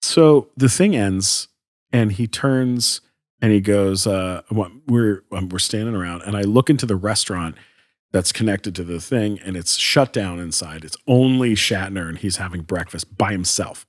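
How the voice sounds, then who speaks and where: A man's voice: fairly low pitch, normal speed. A man from Canada telling a story casually as a podcast guest, acting out quotes and using many fillers.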